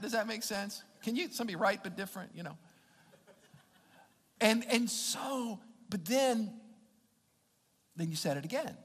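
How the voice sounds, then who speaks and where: A man preaching a sermon as pastor, halting and repeating his words as he speaks straight to the congregation. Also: high-pitched, a bit bright, breathy edge, big-room sound.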